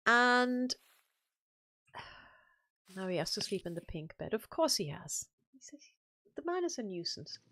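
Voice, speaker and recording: A woman's voice: medium pitch, big pitch swings, a little slow, long pauses, sharp tone, no echo. A woman co-hosting a gaming live stream, chatting casually and telling rambling, playful stories.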